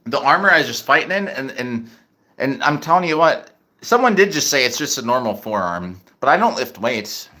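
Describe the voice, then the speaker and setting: A man's voice: medium pitch, sing-song, normal speed, pushed and bright. A middle-aged man chatting casually on a livestream, rambling and restarting his sentences as he reads chat. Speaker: livestream host.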